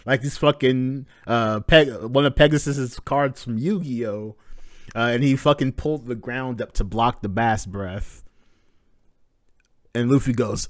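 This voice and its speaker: A man's voice: mid-range voice, a little slow, dry recording. Hyped guy reading manga live, cussing and describing panels, dead dry audio. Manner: excited, swearing, narrating panels. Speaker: manga reaction host.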